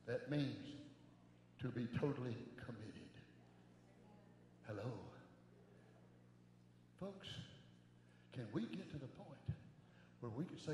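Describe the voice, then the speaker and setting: A middle-aged man preaching a sermon as an evangelist, animated, swinging from soft asides to shouting. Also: medium pitch, slow, pauses often, slight background noise. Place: large church sanctuary. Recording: echoey church hall with long reverb.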